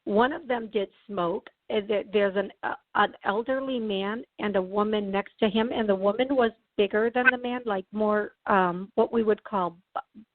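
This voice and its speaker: A woman hosting a call-in radio show as a psychic medium, chatty and reassuring, often clearing her throat. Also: mid-range voice, moderate pace. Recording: tinny phone-like sound, dry.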